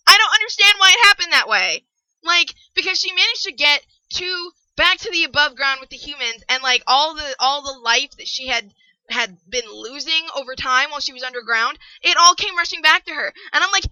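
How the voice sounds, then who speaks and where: A young woman reviewing a book on a podcast, ranting in an exasperated, animated way and swearing freely. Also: high voice, moderate pace, dry recording, low-quality recording.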